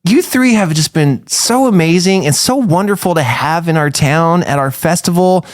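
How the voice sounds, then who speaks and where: A gushing, grateful villager from a tabletop fantasy game, as a man puts the voice on. The voice rises well above his own and turns bright and eager. It is slightly louder too. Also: fairly high pitch, normal speed, no room sound, studio quality, voice pushed up, close to an everyday voice. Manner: gushing, warm praise. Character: effusive grateful villager of any sex.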